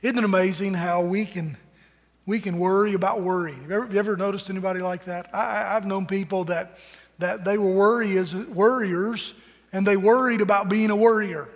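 A man's voice: high-pitched, steady tone, a little fast, in a large hall. A man preaching a sermon to his congregation in a conversational way, often repeating words as he starts a phrase. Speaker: pastor. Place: church sanctuary.

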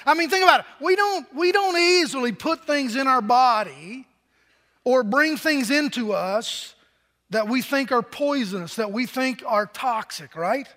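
A man's voice: extremely high pitch, animated, measured pace, pushed and bright, in a large hall. A man in his sixties preaching a sermon, telling a personal story in a conversational way with fillers and asides. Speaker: pastor.

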